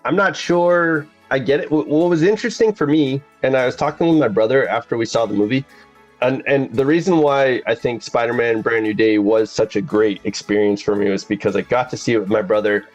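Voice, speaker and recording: A man's voice: medium pitch, brisk, highs cut off, faint music behind. A man talking in a casual chat about a film, rambling with many restarts and frequent laughter. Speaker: podcast host.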